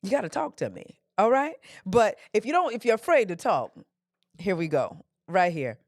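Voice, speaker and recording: A woman's voice: medium pitch, very animated, normal speed, darkish tone, no room sound, studio quality. A woman hosting a live call-in advice podcast, talking in a sassy, direct coaching way and calling listeners honey and darling. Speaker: podcast host.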